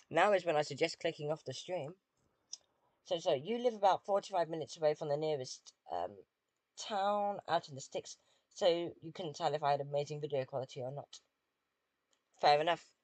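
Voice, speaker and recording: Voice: medium pitch, darkish tone, no room sound. A British streamer chatting casually with viewers while playing a game, dry and self-deprecating.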